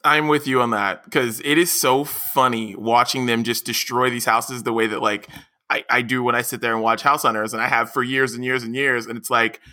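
A man co-hosting a podcast in casual chat, animated and excitable, acting out what others say. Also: medium pitch, normal speed. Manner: animated, excitable, laughs often, acts out quotes loudly. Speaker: podcast co-host.

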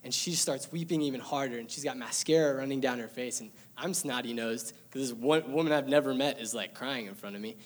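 Brief: young man, church testimony, heartfelt and emotional, mid-pitched, everyday delivery. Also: brisk, hardly any pauses. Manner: earnest, emotional storytelling with light laughter. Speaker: church member sharing testimony. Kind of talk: personal testimony to a congregation.

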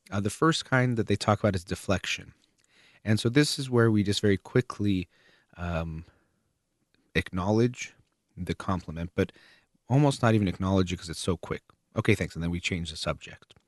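A man calmly explaining ideas step by step in a measured way, with occasional fillers. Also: low-pitched, no room sound, clean studio sound. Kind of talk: explanatory talk on relationships.

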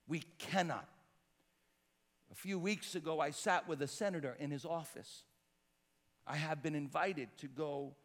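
A man preaching a sermon as pastor, emphatic and swinging between loud declarations and hushed passages. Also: fairly high pitch. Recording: long hall reverb.

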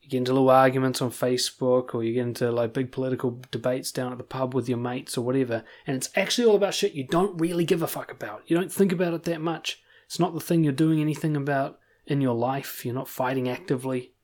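A man, a confidence coach giving a blunt motivational monologue, swearing freely and pushing points with animated emphasis. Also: mid-range voice, fast, few pauses.

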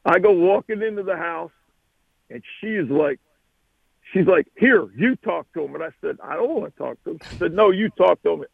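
A man, a football coach, telling an animated recruiting story as a radio guest. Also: high voice, normal speed, creaky, long pauses, slightly rough, no echo, phone-quality sound. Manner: animated, acts out the voices.

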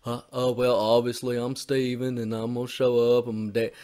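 A man's voice: mid-range voice, level tone, normal speed, dark tone, clear, resonant tone, natural voice. A man impersonating a spoiled, bumbling rich son who whines and stammers to his dad. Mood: whiny. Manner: whiny, stammering, childish.

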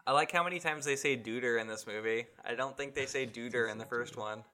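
Chatty male podcast host, bright tone, relaxed. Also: mid-range voice, fast. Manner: chatty, relaxed, asks the questions. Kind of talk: casual chat.

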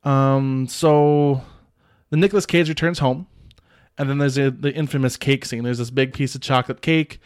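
A man's clear, resonant, medium-pitched voice holds a steady tone at a moderate pace. As a podcast host he loosely recaps a film, wandering off with many "like"s and restarts while chuckling often.

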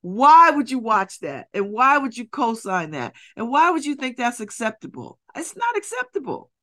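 A middle-aged woman hosting a radio show, talking in an animated, repetitive way with laughing asides. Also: fairly high pitch, moderate pace. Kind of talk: casual monologue. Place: radio studio.

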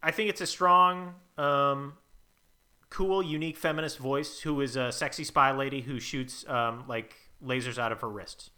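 A man's voice: mid-range voice, fairly even intonation, normal speed, sharp tone. A man co-hosting a comedy podcast, playing an awkward, eager character in an improvised scene, rambling with fillers.

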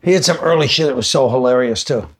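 A man's voice: mid-range voice, quick pace, breathy edge. A man, a guest comedian, telling rambling, profane anecdotes in a casual chat.

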